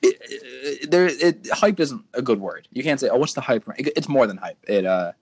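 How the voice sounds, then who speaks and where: A man's voice: mid-range voice, sing-song, normal speed, gravelly, breathy edge. A young man co-hosting a podcast, rambling through casual rants with frequent restarts. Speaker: podcast co-host. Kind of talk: casual chat.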